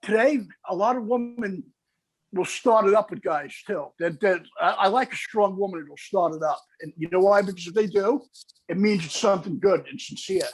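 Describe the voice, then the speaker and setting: A man's voice: high-pitched, moderate pace, poor audio. A man guest on a comedy podcast who talks in an eager, earnest and flirty way. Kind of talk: casual chat.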